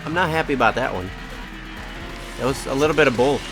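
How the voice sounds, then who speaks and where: A man's voice: medium pitch, fast talker, music in the background. A man casually commenting on his own racing game during a live stream, chatting to his cat and to himself. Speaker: gaming streamer.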